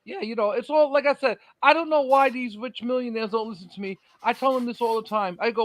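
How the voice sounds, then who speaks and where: High-voiced animated New man. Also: fairly quick, hardly any pauses, rough recording. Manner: animated storyteller, acts out quoted exchanges. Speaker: podcast co-host. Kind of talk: casual chat.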